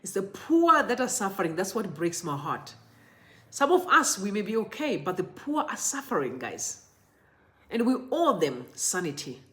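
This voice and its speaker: A woman's voice: mid-range voice, sing-song, normal speed, fairly bright tone. A woman from Zimbabwe, hosting impassioned political commentary and speaking directly to her viewers with emphatic repetition.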